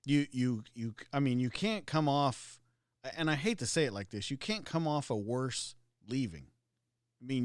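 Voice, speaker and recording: A man's voice: fairly high pitch, a bit bright, no echo. A man hosting a podcast interview in a studio, asking loose, rambling questions. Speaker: podcast host. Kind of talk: casual interview.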